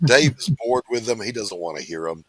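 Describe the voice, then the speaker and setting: A man from the Southeastern United States, co-hosting a casual chat, animated and quick to interject. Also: fairly low pitch. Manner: animated, laughs loudly, interjects. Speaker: co-host.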